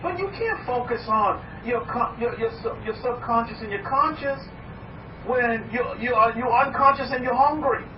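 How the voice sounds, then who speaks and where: High-voiced preaching man, distant and echoey. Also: normal speed. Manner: emphatic, repetitive, with dramatic swings of pitch. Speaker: rabbi. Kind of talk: preaching sermon. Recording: echoey, distant, dull lo-fi with faint hiss.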